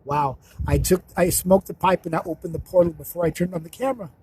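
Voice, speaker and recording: A man giving a slow, repetitive, chant-like spiritual monologue to camera, with an emotional way of talking. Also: high voice, a little mellow, a little hiss or hum, poor audio. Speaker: spiritual healer. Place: outdoors.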